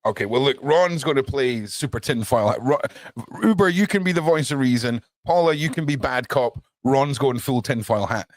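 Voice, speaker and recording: A man hosts a live call-in chat, joking and handing out roles to his panel. His pitch swings widely as he talks. The sound is dry and close. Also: normal speed, no echo. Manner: jokey, animated, runs the panel. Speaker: show host.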